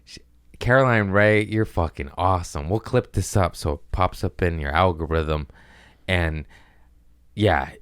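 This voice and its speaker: Man, podcast host, deep voice, dry studio mic, rambling crude comedy. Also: clean tone, no echo. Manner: rambling, crude storytelling with quick put-on voices. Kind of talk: casual comedic chat. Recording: dry close studio sound.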